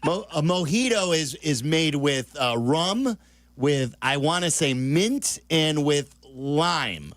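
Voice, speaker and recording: A man's voice: a little high, expressive, slow pace, fairly bright tone. A man hosting a sports talk radio show, chatting and asking his co-hosts questions. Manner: chatty, asks lots of questions. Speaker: radio host.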